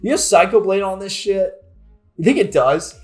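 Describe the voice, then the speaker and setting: A man commentating his own competitive video game match, excitable, with frequent swearing and frustrated outbursts. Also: high-pitched, moderate pace, faint music behind. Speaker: gaming YouTuber.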